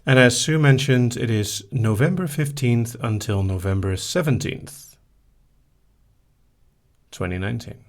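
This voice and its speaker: A man's voice: medium pitch, measured pace, long pauses. A man hosting a casual live-stream Q&A, reading out listener questions and answering them briefly with light laughs. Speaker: hypnosis host.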